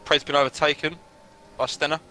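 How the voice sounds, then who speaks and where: A man's voice: on the high side, little pitch movement, fairly quick, bright, forceful tone, a little hiss or hum. A man co-commentating on a sim race in a casual, chatty way. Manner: casual, chatty, laughs easily.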